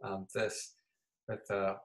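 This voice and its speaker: Woman, extremely low voice; hesitant participant who gropes for words. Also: flat delivery, low-quality recording. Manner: halting, searching for words. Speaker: class participant. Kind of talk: casual group chat.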